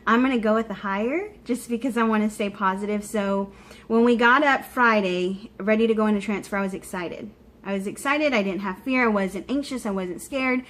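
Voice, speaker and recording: A vlogger records a personal video diary update, speaking openly and warmly straight to her viewers. Her voice is medium in pitch and a little fast, and her manner is chatty and heartfelt.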